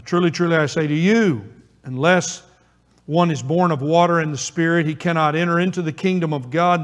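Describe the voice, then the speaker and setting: A man preaching a sermon as pastor, earnest and emphatic, with pauses for weight. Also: fairly high pitch. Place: church. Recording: long reverb of a church hall.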